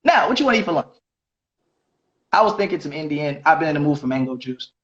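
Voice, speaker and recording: Streamer man, high voice, preachy and repetitive, echoey bathroom, lo-fi sound. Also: very animated, fast, fairly bright tone. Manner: preachy, repeats phrases, lectures. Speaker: live streamer. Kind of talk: heated live-stream argument.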